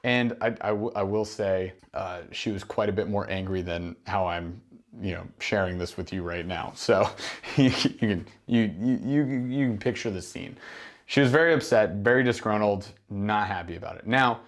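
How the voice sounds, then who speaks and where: A man's voice: lowish voice, normal speed. A man coaching gym owners in a monologue, emphatic and full of rhetorical questions and acted-out exchanges. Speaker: business mentor for gym owners. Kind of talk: instructional monologue.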